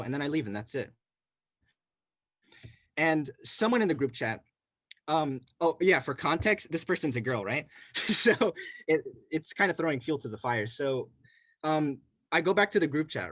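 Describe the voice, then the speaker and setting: A man's voice: a little high, fairly bright tone, no echo. A young man from New York City telling a rambling campus story in casual chat, with many restarts and "right?" tags. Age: young adult. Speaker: college student telling a story.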